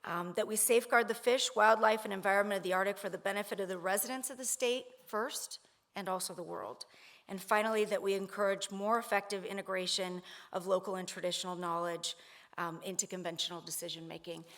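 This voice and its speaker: A woman addresses a conference audience in an earnest, steady way. She often restarts phrases and fills gaps with "um" and "uh" as she works through her points. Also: medium pitch, fairly quick. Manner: earnest, repeats phrases, many fillers. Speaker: conference speaker. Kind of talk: conference panel speech.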